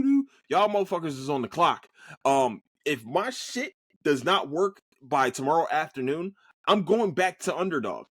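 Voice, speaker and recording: A man's voice: a little high, breathy edge, no room sound, clean studio sound. A young man hosting his own podcast, ranting in a casual, profane, heated way, his voice leaping up when angry and stammering over restarts. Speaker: podcast host. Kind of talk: casual solo podcast rant.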